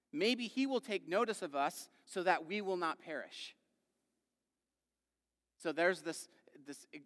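A man preaching a sermon in a conversational way, asking the congregation questions and acting out quoted voices with big swings in loudness. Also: on the high side. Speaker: pastor. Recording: long hall reverb.

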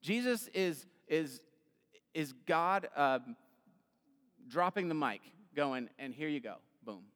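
Casual pastor with hall reverb. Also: male voice, on the high side, lively intonation, slow, a bit bright. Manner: casual, conversational, with filler words. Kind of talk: Easter sermon. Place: church sanctuary.

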